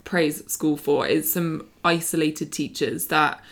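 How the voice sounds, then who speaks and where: A woman's voice: low-pitched, fairly even intonation, takes it slowly. A young woman hosting a podcast, talking frankly and with emphasis in a casual conversation with her mother.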